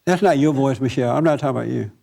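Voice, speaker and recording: A man leading a Sunday service, preaching in a relaxed, conversational way and telling personal stories to his listeners. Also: medium pitch, very fast, creaky. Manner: chatty and anecdotal, laughs at his own stories, talks directly to listeners. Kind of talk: conversational sermon with storytelling.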